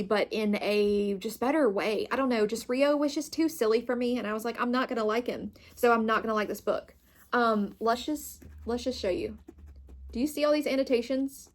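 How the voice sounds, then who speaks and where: An enthusiastic young woman talks through her month of reading in a relaxed, chatty way, gushing over favorites. Her voice sits a little higher than most. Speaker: booktube host. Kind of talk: casual reading wrap-up chat.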